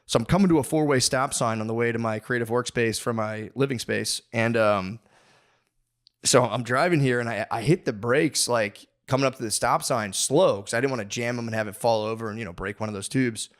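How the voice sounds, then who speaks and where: This podcast host is a man with a medium-pitched, fairly quick voice. On his comedy podcast he tells a long, profane story as a rambling, mock-aggressive rant, full of restarts and asides.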